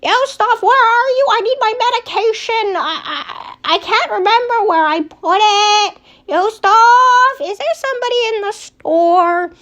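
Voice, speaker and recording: A woman voicing a forgetful elderly grandmother who calls out in a shrill, wavering voice. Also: unhurried, hardly any pauses, a bit bright, highs cut off. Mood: calling. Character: forgetful old grandmother calling from downstairs.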